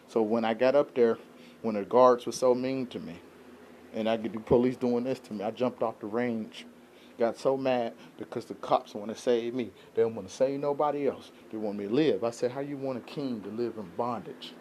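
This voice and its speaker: Man, mid-pitched voice, rambling aggrieved vlog rant, faint background hum. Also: fairly even intonation, moderate pace, darkish tone. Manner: rambling, aggrieved venting, keeps asking "you know what I'm saying". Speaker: vlogger. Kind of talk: unscripted monologue to camera.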